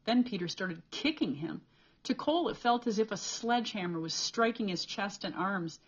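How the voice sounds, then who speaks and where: A woman reading a novel chapter aloud as an audiobook reader, with steady, clear storytelling. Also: medium pitch, normal speed, lo-fi sound.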